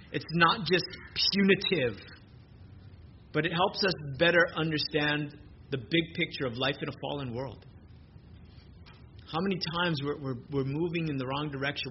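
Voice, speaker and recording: A man preaching a sermon in an earnest way, often repeating words as he restarts his sentences. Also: a little high. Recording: muffled lo-fi sermon recording with background noise.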